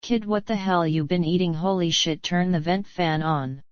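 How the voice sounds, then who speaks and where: A woman voicing a gruff, grumpy old man survivor who talks bluntly and swears. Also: on the low side, moderate pace, dry recording, muffled recording, close to an everyday voice.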